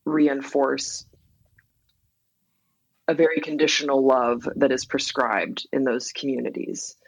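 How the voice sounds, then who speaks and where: A woman's voice: extremely low pitch, steady tone, takes it slowly, no room sound, rough recording. A woman songwriter as a podcast guest, talking in a reflective, candid way and using lots of "like" fillers. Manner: reflective, filler-heavy, frequent laughs. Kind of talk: candid interview conversation.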